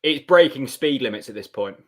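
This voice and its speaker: A man's voice: medium pitch, animated, fairly quick, a bit bright. A man co-hosting a fan watchalong, trading joking banter about the match. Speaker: fan channel co-host. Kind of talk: excited watchalong commentary.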